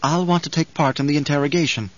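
A man voicing a commanding noblewoman, a duke's lady, with crisp, authoritative delivery in an audiobook reading. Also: a little high, steady tone, quick pace, dry recording, lo-fi sound, natural voice. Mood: firm.

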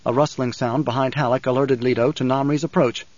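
A man narrating a novel in a measured, even storytelling manner. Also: medium pitch, no echo, lo-fi sound. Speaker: audiobook narrator. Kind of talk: scripted narration.

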